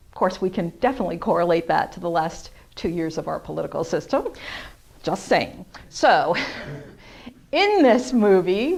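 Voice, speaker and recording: A woman, a teacher, talking through her opinions in a thoughtful, measured casual monologue with restarts. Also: medium pitch. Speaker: vlogger sharing opinions.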